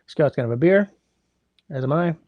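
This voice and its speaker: A man's voice: on the high side, lively intonation, brisk, dry recording, phone-quality sound. A man hosting a casual livestream from home, rambling, greeting viewers by name and humming while he scrolls, his sinuses congested. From Canada. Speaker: livestream host. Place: indoors at home.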